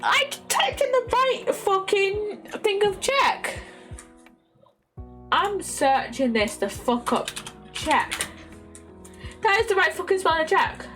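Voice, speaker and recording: A woman's voice: very high voice, lively intonation, slow, pauses often. A young woman streaming a word-guessing game, swearing constantly and thinking aloud as she tries out guesses. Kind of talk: casual game commentary. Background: faint lo-fi music.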